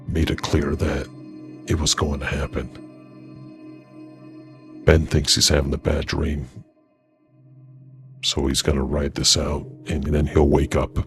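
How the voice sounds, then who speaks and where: Very deep, gravelly male storyteller. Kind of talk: paranormal story narration.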